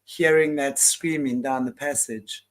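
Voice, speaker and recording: A woman hosting an interview, answering in an emotional, halting way with many restarts. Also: rumbling low, fairly even intonation. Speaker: host. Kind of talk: interview conversation.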